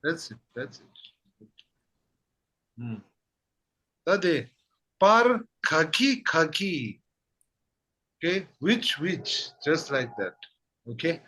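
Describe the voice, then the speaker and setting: A male language teacher, moving at a very unhurried pace. His voice is bright and sits a little high for a man. He repeats short phrases and confirms with "that's it.". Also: sing-song, slightly rough. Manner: repeats phrases slowly, says "that's it" often. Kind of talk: slow patient language lesson.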